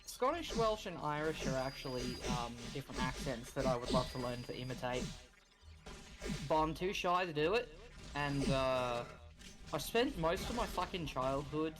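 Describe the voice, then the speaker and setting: A woman's voice: sits low, expressive, moderate pace. An Australian woman streaming a video game, chatting casually and swearing freely as she cheers on the player. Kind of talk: casual gameplay commentary. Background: game music.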